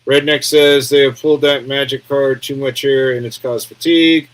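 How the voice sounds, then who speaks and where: A man's voice: mid-range voice, steady tone, moderate pace, rough recording. An American man giving casual live-stream news commentary, rambling and sarcastic, reading viewer comments aloud from home.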